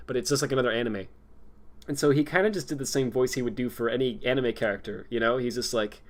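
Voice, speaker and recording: Young guy rambling on stream, laughs a lot, like um you know, middle pitch. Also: racing. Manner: rambling, laughs often, lots of fillers. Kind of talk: casual chat.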